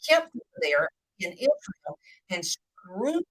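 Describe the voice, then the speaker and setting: A woman giving a live video Bible teaching, speaking slowly and deliberately, with the occasional hiccup. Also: lowish voice, dry recording, poor audio. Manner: slow, deliberate, lively intonation.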